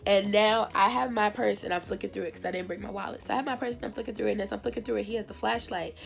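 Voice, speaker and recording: Animated woman telling a story, gravelly voice. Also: mid-range voice, very fast. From New Jersey. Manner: animated, acts out dialogue in voices. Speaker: vlogger. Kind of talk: casual storytime.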